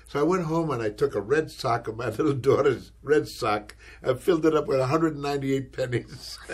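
An older actor telling an anecdote in an interview, animated and acting out the voices he quotes, often adding "you know". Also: mid-range voice, slightly rough. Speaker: actor recalling his career.

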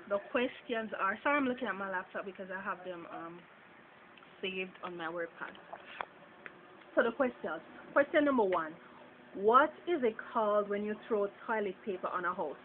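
Jamaican woman, chatty word-list vlog, slightly high voice, faint background hiss. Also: lively intonation, a little slow, long pauses. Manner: casual, chatty, laughs between words. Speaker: vlogger. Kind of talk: accent tag word reading. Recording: tinny phone-like audio with faint noise.

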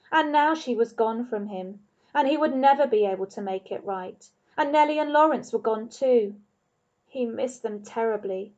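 A woman teacher reads a children's novel aloud, calm and expressive, pacing the story for young listeners. Her voice is fairly high. The recording is dull and muffled, like a low-quality home setup. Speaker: primary school teacher.

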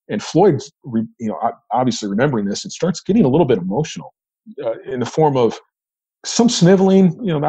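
A man's voice: mid-range voice, warm tone, husky. A middle-aged man, a retired federal agent, recounting an old case in conversation, often restarting and repeating words. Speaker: retired FBI agent, podcast guest.

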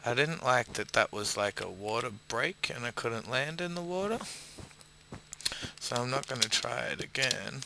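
A man with an Australian accent, a bit drunk, giving casual gameplay commentary and swearing loudly at his own failed jumps. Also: mid-range voice, normal speed, vocal fry, slight background noise. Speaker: gamer playing a parkour map.

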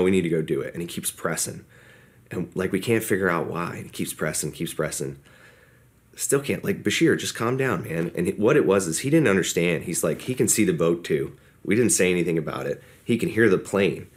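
Very deep-voiced man telling a war story. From United States. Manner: casual storytelling, acts out quoted dialogue. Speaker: podcast guest. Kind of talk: war story told in an interview.

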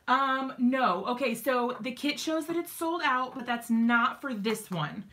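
Home crafting streamer, woman: bright, slightly high voice, unhurried chatty delivery, lots of fillers and little laughs. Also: expressive. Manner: chatty, giggly, lots of ums and likes. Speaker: crafting live-stream host. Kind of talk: casual live-stream chat.

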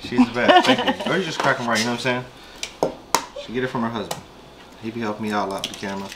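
Fast-talking laid-back man cooking at home. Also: medium pitch, expressive, creaky, very noisy. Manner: laid-back, slangy, talks to viewers as "y'all". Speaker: vlog host cooking fish. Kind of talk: casual cooking vlog chat. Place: home kitchen.

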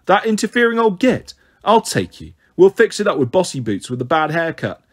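A man reading a story aloud, voicing a flighty, chatty young mother with a breezy, cheeky manner and a husky voice. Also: sits high, very animated, moderate pace.

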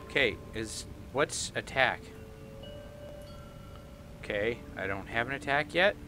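A man playing a video game, chatting excitedly and reading the on-screen text aloud. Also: mid-range voice, slow pace. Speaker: gaming YouTuber. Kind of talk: let's play commentary. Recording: light game music behind.

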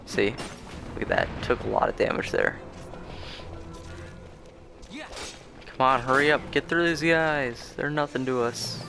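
A man's voice: mid-range voice, takes it slowly, gravelly, long pauses. A young man hosting a let's play, giving casual, rambling commentary with lots of fillers and restarts as he plays. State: sleepy, yawning. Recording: faint game music behind.

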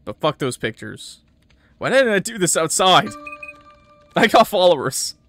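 A man's voice: high voice, sing-song, a little slow, a bit bright, faint music behind. A man streaming a game, chatting casually with his viewers and laughing often. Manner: laughs often, joking with chat. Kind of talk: casual gameplay commentary.

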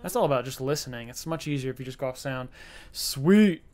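A man's voice: medium pitch, expressive, fairly quick, a little mellow, a little hiss or hum. A man giving casual let's-play commentary, chatty and self-mocking, talking to the game's characters. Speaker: gaming YouTuber.

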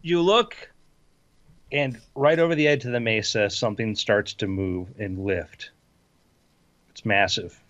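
Guy gm-ing a tabletop game, bright tense voice, kinda muffled lo-fi mic. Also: on the low side, a little slow, long pauses. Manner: playful, descriptive, chuckling. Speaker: game master.

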